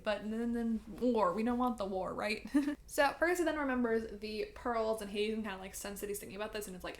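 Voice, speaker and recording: Woman, higher-than-average voice, casual chatty recap vlogger, filler-heavy delivery. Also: normal speed.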